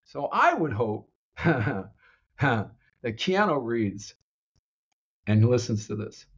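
A man telling his own screenplay with loose, animated energy, breaking into laughs and playing out bits of dialogue. He talks like he is chatting with a friend. The recording sounds slightly dull and lo-fi. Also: mid-range voice, takes it slowly, slightly rough. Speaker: screenwriter pitching a story. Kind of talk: casual storytelling chat.

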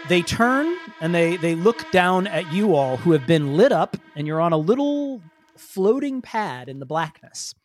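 A woman's voice: on the low side, unhurried, no room sound. A woman narrating as game master of a tabletop role-play, talking loosely with many fillers. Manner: animated, voices many characters, frequent fillers.

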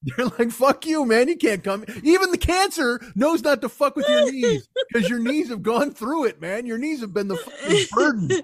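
A man hosting a comedy podcast, riffing in a rambling, profanity-heavy, animated way. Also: very high voice, normal speed, few pauses, breathy edge, dry recording, clean studio sound. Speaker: podcast host.

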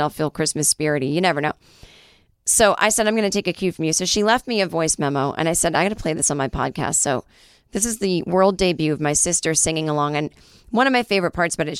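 A woman's voice: on the low side, smooth, no room sound, studio quality. A woman hosting a podcast in a casual monologue, joking and swearing, a little short of breath. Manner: profane, joking, animated. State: trouble breathing. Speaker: podcast host.

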